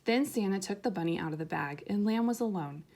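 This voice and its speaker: A woman reading a children's picture book aloud in a gentle, soft, unhurried way. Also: mid-range voice, animated, slight background noise. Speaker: storyteller.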